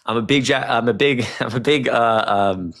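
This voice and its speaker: A young man hosting a casual livestream, talking to chat in a rambling, animated way with plenty of swearing. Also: mid-range voice, normal speed, a little hiss or hum. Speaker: streamer.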